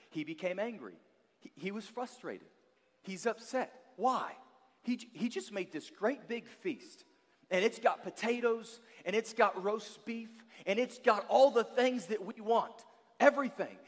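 A man preaches with a high, bright-edged voice that rings through a big hall with long reverb. He is emphatic, climbing to loud peaks and then dropping into quiet, sobering asides. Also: animated, moderate pace. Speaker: guest pastor. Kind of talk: sermon.

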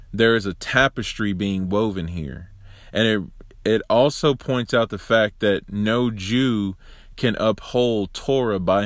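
A man hosting a broadcast, giving casual, animated religious commentary with sarcastic asides. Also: fairly low pitch, dry recording, studio quality. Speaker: host.

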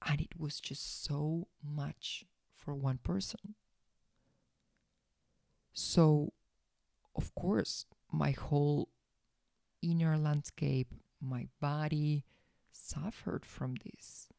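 Slow, gravelly podcast host. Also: medium pitch, fairly even intonation, mellow, dry recording, studio quality. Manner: frank and confiding, acts out its own past self in quotes. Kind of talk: candid personal storytelling.

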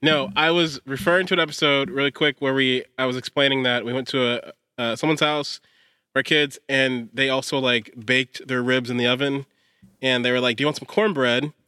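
Bright, dry-sounding man chatting. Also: mid-range voice, brisk, clean tone, no echo. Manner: animated, defensive, stumbling restarts. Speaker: podcast co-host. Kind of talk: casual chat.

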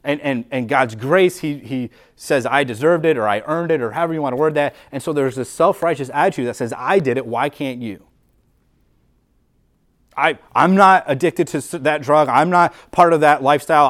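A man delivers a sermon in a loose, chatty way, stumbling over repeated words and filling gaps with "like". His voice sits a little high for a man, and he lifts it when acting out what people think. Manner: conversational, many repeated words and "like" fillers; acts out quoted inner voices with rising pitch and volume. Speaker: pastor.

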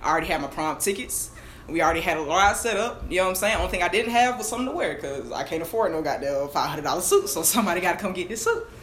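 A young adult podcast co-host telling a personal story in fast, candid, slang-filled casual chat. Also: medium pitch, expressive, fairly bright tone. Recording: echoey room, mic at a distance, faint hiss.

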